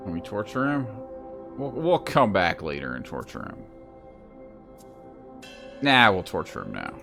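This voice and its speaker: A man's voice: deep voice, wildly swooping pitch, unhurried, creaky, pauses often, sharp tone, faint music behind. A man livestreaming a game, reading its dialogue aloud in a joking put-on brogue with dry asides. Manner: reads in a mock Scottish brogue, jokey asides. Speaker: streamer.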